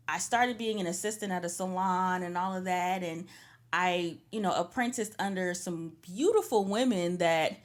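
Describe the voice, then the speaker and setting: A young woman co-hosting a casual church podcast, telling her story with lots of expression. She jumps into quoted voices and lets her pitch rise and fall as she recounts what people said. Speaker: podcast co-host. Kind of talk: casual faith podcast chat.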